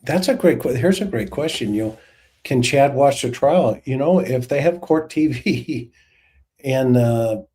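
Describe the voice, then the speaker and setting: A man's voice: medium pitch, lively intonation, a little slow, mellow. Male co-host, casual livestream banter, playful and joking. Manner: joking, puts on mocking voices.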